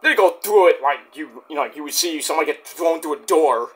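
A man's voice: on the high side, lively intonation, brisk. A man giving a rambling, jokey wrestling review, swearing freely and joking on the side. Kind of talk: casual spoken review.

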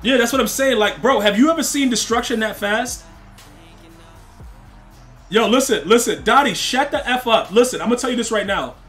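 A man's voice: extremely high pitch, moderate pace, long pauses, a bit bright, soft background music. A young man live-streaming a game, chatting casually with his viewers and trash-talking opponents in loose slang. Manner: slangy, rambling, talks to chat and opponents.

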